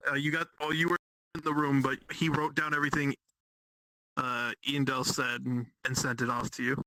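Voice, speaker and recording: A man playing a soldier in a roleplay, giving eager, quick replies in character. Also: medium pitch, level tone, bright, forceful tone, dry recording, low-quality recording. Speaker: roleplay player. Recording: voice chat over faint music.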